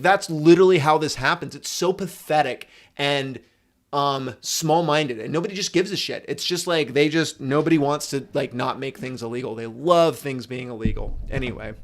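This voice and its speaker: A man's voice: on the high side, normal speed. A man chatting casually on a live stream as a motorcycle streamer, rambling and swearing, with frequent restarts. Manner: rambling, profane, restarts often.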